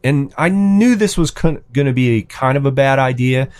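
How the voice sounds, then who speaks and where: This storyteller in a hobby chat is a man with a medium-pitched, darkish voice who speaks at normal speed but in an animated way. Recounting a casual anecdote about his thirteen-year-old son, he stumbles through fillers and restarts, and his pitch shoots up when he quotes either of them.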